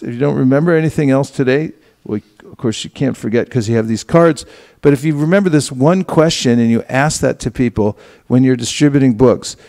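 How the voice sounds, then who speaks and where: Man teaching a lively devotional class. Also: mid-range voice. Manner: acts out quoted exchanges, asks the audience to respond. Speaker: teacher of book distribution. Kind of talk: class talk.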